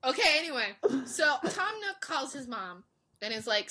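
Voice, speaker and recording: A young woman recapping a story in casual chat, animated and laughing, acting out characters in quick voices. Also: high-pitched.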